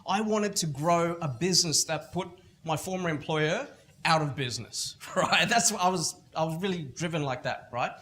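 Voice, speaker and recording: A middle-aged Australian motivational speaker with a somewhat high voice gives a keynote at a school festival. Speaking at normal speed, he tells stories with animated energy and acts out other people's lines in their voices.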